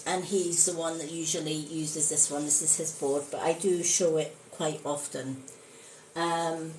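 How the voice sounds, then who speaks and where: A woman's voice: fairly low pitch, darkish tone, echoey room, slight background noise, rough recording. A woman demonstrating on a live stream, speaking earnestly with many fillers. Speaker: spiritualist hosting a live stream. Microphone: phone.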